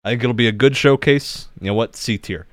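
A man's voice: medium pitch, a little fast, a bit bright, no room sound, studio quality. A man hosting a podcast, ranking things on a tier list with theatrical, mock-grand announcements. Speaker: podcast host.

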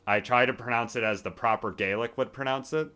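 A man's voice: mid-range voice, brisk, pushed and bright, clean tone. A man in his twenties from the United States, co-hosting a casual podcast and chatting in a joking, rambling way with fillers. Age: 20s. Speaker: podcast co-host. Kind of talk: casual chat.

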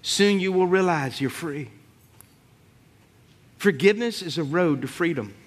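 A middle-aged man preaching an animated sermon as pastor, building to shouts and calling out "come on" to the congregation. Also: fairly high pitch, unhurried.

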